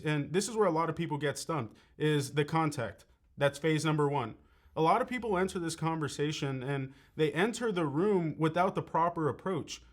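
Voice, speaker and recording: Young man, sales trainer, conversational coaching, somewhat high-pitched. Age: young adult. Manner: conversational, often checks in with "right?". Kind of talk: coaching talk.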